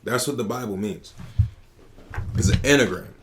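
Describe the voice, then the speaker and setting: A man hosting a casual podcast who tells stories in an animated, slangy way, with lots of profanity. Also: fairly low pitch, normal speed, background noise. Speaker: podcast host.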